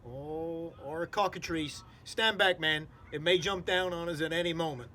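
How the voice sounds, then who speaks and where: A man voicing an easily alarmed fire chief yelling about monsters. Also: on the high side, normal speed, a little hiss or hum. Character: excitable, gullible male fire chief. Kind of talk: storybook read-aloud.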